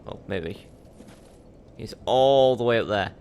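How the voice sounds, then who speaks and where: A man's voice: lowish voice, animated, takes it slowly, darkish tone, slight background noise. Chatty man narrating his gameplay. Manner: chatty, self-mocking, talks to the game. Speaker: let's play host. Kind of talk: gameplay commentary.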